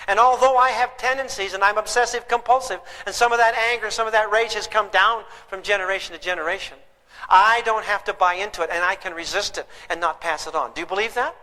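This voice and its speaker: An older man's extremely high, bright voice rings out with a forceful tone during a live parenting lecture. Emphatic in his storytelling, he throws rhetorical questions at the audience, and the recording has long hall reverb.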